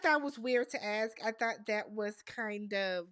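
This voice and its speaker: A woman's voice: medium pitch, measured pace, a bit bright. A woman doing a casual, exasperated recap of a reality TV episode and talking straight to the people on screen. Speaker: recap host.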